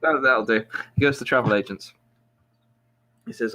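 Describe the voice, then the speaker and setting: On a low-quality recording, a podcast host with a medium-pitched, sharp voice tells a long joke at a moderate pace. It's casual banter among friends, full of restarts and self-deprecating asides.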